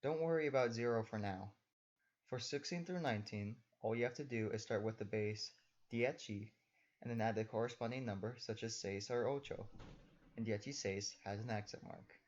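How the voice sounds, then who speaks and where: A man's voice: on the low side, moderate pace, a little mellow, lo-fi sound. A young man giving a recorded lesson, patiently explaining step by step as a teacher.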